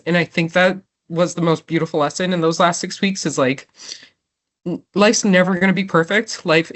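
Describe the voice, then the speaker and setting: A woman's voice: lowish voice, steady tone, a little fast, fairly bright tone. A woman in her thirties, a guest in an interview, talking from the heart and close to tears, with lots of "like" and "right?". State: tearful. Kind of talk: emotional interview conversation.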